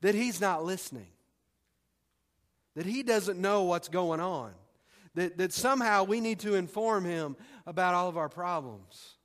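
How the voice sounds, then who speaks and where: Male pastor, high voice, emphatic sermon, long hall reverb. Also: a bit bright. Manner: emphatic preaching with dramatic pauses and repetition. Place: church sanctuary.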